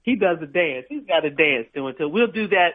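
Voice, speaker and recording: A woman's voice: on the low side, animated, fairly quick. An older woman calling in to a radio show, talking emphatically and repeating herself for stress. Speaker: caller. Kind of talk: radio call-in. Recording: tinny phone line.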